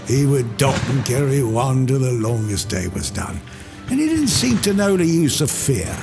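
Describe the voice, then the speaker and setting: A man giving a theatrical poetry recitation, voicing a rough soldier with dropped g's and sudden loud shouts. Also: mid-range voice, very animated, moderate pace. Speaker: poetry reader. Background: music score.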